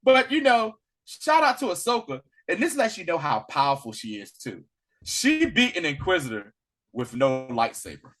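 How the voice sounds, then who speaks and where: Animated man retelling a story. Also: fairly high pitch, moderate pace. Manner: animated storytelling, acting out characters' lines in slangy asides. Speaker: podcast co-host reviewing a series. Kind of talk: casual chat.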